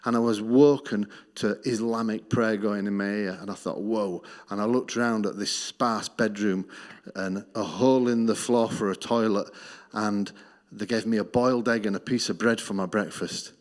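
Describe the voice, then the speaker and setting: A middle-aged Australian man giving a missions testimony in church, telling his story earnestly and dropping low and soft on key lines. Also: steady tone, moderate pace. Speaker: missions speaker.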